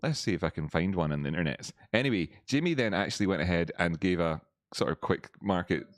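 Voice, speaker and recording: A man's voice: low-pitched, lively intonation, fast, no room sound. Man, voice-changer effect, chatty live-stream host, dry close sound. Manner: chatty, greets viewers, laughs often. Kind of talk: casual live-stream chat.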